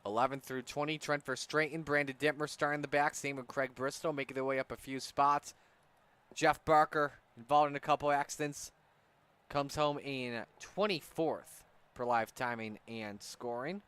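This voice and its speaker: A man calling a race as play-by-play announcer, rattling off results with energetic commentary. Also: mid-range voice, normal speed, clear, resonant tone.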